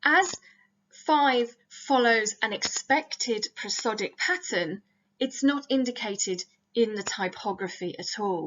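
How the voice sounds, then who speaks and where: A woman's voice: a little high, fairly bright tone, muffled recording. Woman giving a careful academic talk. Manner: careful, explanatory, with slight restarts. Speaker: lecturer. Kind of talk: recorded academic slide talk.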